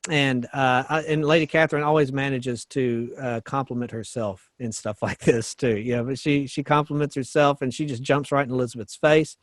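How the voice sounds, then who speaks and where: A man's voice: mid-range voice, fairly even intonation, moderate pace, hardly any pauses, no echo. A man co-hosting a podcast, casually discussing a novel and reading passages aloud with small chuckles and asides. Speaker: pastor and podcast co-host.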